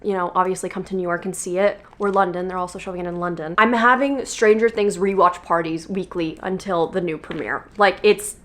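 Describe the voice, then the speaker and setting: A woman's voice: lowish voice, fairly even intonation, brisk, hardly any pauses, a bit bright. A young woman in her twenties chatting casually in a vlog, gushing and playful, swearing freely and poking fun at herself. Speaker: vlogger. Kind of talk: casual chat. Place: New York.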